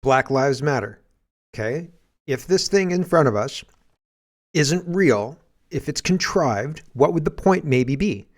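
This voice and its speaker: A man's voice: on the high side, a little slow. Rambling Canadian man podcasting. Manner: rambling, animated, shouts when acting out scenes. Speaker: podcast host. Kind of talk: casual political commentary.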